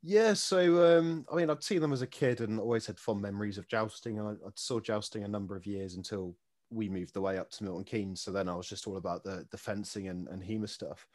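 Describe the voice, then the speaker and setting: A man's voice: on the low side, fairly quick, a little mellow. A young man, a podcast guest talking enthusiastically, with frequent laughter and fillers. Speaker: guest, jousting performer. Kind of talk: casual chat.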